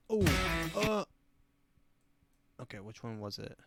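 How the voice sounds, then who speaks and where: A man's voice: fairly low pitch, very animated, unhurried, creaky, loud music behind the voice. A man hosting his own podcast, rambling through a crude, self-amused comedic monologue. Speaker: podcast host.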